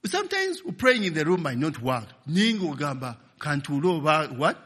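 A man's voice: fairly high pitch, normal speed, husky. A middle-aged Ugandan man preaching a sermon with personal stories, checking in with the congregation with "okay?" and "eh?". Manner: animated, calls "okay?" and "eh?" to the audience. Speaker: pastor. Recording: long echo of a large hall.

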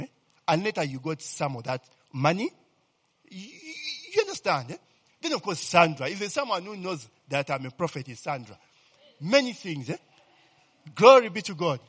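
A man preaching a sermon as pastor, calling out questions to the congregation and constantly checking in with "eh?", his voice swelling into loud exclamations of praise. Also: a little high, breathy edge. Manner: call-and-response, rising to loud exclamations; asks the congregation questions and repeats "eh?". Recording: echoey hall with faint music.

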